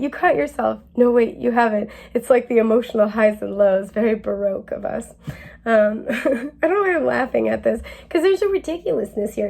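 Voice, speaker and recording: Giggly chatty young woman with gravelly fry. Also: medium pitch, warm tone. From New England. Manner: chatty, giggly, rambling with many fillers. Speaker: tarot reader. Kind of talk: casual spiritual reading.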